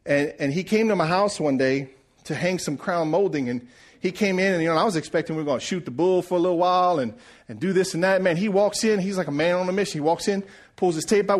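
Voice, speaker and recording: A man's voice: sits high, fast. A middle-aged man preaching a sermon, telling personal stories with call-and-response and acting out sounds and voices. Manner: lively storytelling with call-and-response; acts out sounds and quoted voices.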